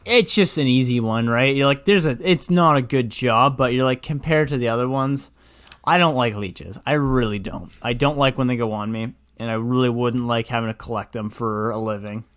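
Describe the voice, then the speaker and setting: A man's voice: mid-range voice, moderate pace, a bit bright, clean tone. A young man co-hosting a podcast, chatting casually and playfully, often slipping into silly acted-out voices. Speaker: podcast co-host. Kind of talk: casual chat.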